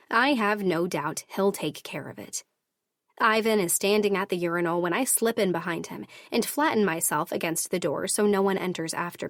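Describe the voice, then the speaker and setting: A woman's voice: mid-range voice, dry recording. Woman narrating a romance audiobook, dry. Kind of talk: scripted first-person narration.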